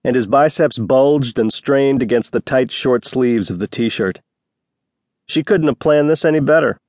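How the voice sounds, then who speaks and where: A man's voice: unhurried, darkish tone, dry recording. Male audiobook narrator, dry studio sound. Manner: voices each character with small pitch shifts. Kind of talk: scripted narration.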